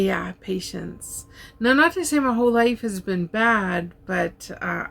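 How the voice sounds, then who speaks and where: An older woman chatting casually at home, relaxed and talkative, with plenty of ums and uhs. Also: medium pitch, vocal fry. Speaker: diamond art YouTuber. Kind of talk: casual chat answering tag questions.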